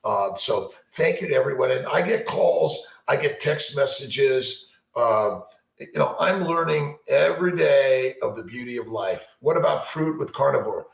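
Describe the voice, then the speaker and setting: A man's voice: medium pitch, lively intonation, a little slow, creaky, reverberant, poor audio. A man answering viewer questions as a fertility doctor in a rambling, upbeat live chat, repeating himself and restarting often. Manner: upbeat, repetitive, motivational, many fillers and restarts.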